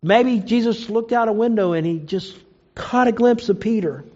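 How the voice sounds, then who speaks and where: Male preacher with a high voice, storytelling sermon delivery, dull lo-fi recording. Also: moderate pace, a little mellow. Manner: storytelling, acts out quoted lines with rising pitch.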